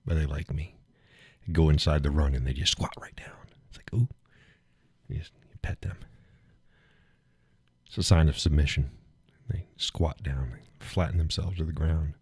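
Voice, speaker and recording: A man's voice: a bass voice, fairly even intonation, normal speed, pauses often, a little mellow, breathy edge, no room sound, studio quality. A man hosting a live stream, chatting casually with viewers in a rambling, folksy way and chuckling often.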